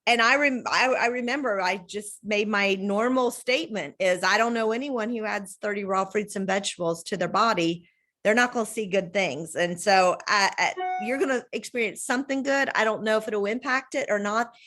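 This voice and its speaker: A woman, hosting a casual video-call chat from home and telling stories with lively, acted-out quotes. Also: normal speed. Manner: animated storyteller, acts out quotes with big pitch jumps. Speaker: host.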